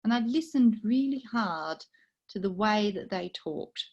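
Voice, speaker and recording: A middle-aged British woman whose accent has picked up a slight Australian twang. She tells a personal story in a soft, chatty voice and pokes fun at herself, heard over a video call. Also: medium pitch, expressive, a little slow, lo-fi sound. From United Kingdom. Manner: soft-spoken, conversational and self-deprecating. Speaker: table topics speaker.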